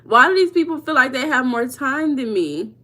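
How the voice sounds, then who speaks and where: A woman hosting a casual livestream. She chats with viewers by name, laughs often and slips into a relaxed teaching talk. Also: high voice, moderate pace. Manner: chatty, reads out viewers' names and answers them. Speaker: livestream host. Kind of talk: informal teaching on mindset.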